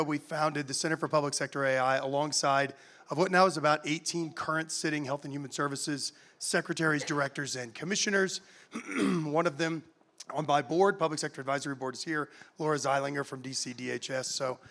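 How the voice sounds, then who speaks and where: A man's voice: fairly high pitch, a bit bright. A man on a conference panel who speaks earnestly, with frequent uhs and restarts. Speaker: panelist, former state official. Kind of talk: panel discussion answer. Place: conference stage before an audience.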